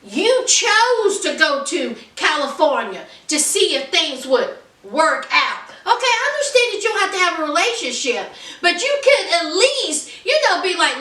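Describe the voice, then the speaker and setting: Woman, high voice, bright tone, chatty recap, echoey room. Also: moderate pace, distant mic. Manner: animated, talks straight to viewers, retells scenes. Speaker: recap vlogger. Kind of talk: casual show recap.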